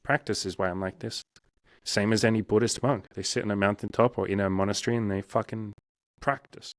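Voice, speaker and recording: Male coach, lowish voice, dry close mic; frank, profane, plays out inner voices. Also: fairly even intonation, a little fast, no echo. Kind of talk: casual interview talk.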